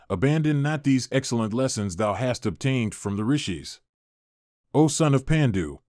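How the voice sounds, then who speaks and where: A man reading an ancient epic aloud as an audiobook narrator, in a measured, even manner. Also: medium pitch, dry recording, clean studio sound.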